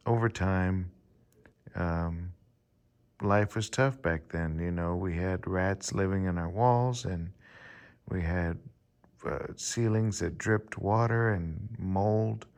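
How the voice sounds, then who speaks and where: Deep voiced guy in his 40s, slow rambly vlog story, lots of ums. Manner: rambling, many fillers and pauses. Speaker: vlogger. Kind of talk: casual storytelling to camera.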